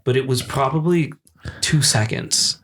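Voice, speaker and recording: A man's voice: mid-range voice, unhurried, a bit bright. A young man on a casual podcast, telling a long, rambling anecdote with fillers and laughs. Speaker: podcast co-host. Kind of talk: casual chat, storytelling.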